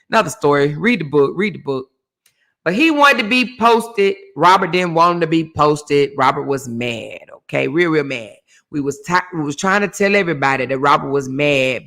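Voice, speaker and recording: Hosting a gossip show, a man recounts celebrity drama in a sassy, theatrical manner, calling his audience "honey" and "child." His voice runs a little high, with vocal fry and a sharp tone, in an animated gossip chat.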